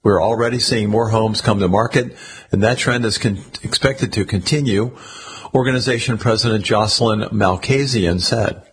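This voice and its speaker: A man reading newspaper articles aloud for a radio reading service, steady with occasional slips and restarts. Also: on the low side, breathy edge.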